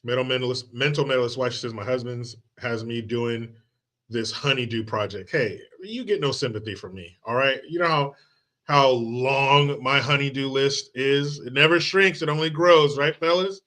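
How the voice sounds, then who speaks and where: With a mid-range, fairly bright voice, a man runs a political commentary livestream that's casual and full of swearing. He reads chat messages aloud, jokes sarcastically with viewers, and quotes movies.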